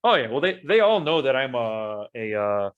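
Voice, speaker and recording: A man's voice: medium pitch, big pitch swings, normal speed, smooth, muffled recording. A man hosting a casual podcast, joking crudely with restarts and laughs while reading an article aloud. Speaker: podcast host.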